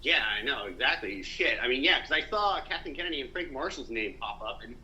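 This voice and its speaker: A man's voice: mid-range voice, expressive, fairly quick, sharp tone. A young man co-hosting a podcast, chatting casually and enthusiastically about films, with occasional swearing. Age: young adult. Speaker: podcast co-host. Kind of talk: casual film chat. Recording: dull lo-fi sound with faint noise.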